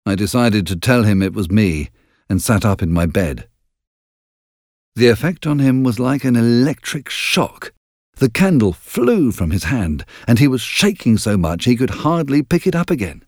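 Slow, expressive male storyteller. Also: lowish voice, no echo, studio quality. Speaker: narrator. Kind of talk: scripted audiobook narration.

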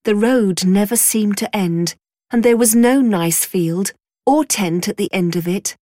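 A woman narrating a storybook in a clear, measured way. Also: mid-range voice, dark tone, no room sound, studio quality.

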